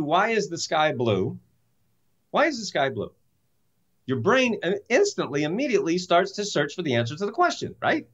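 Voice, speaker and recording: A man's voice: high-pitched, muffled recording. A man speaking as an interview guest, telling a story with enthusiasm and emphatic rhetorical questions. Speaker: guest, self-help author and speaker.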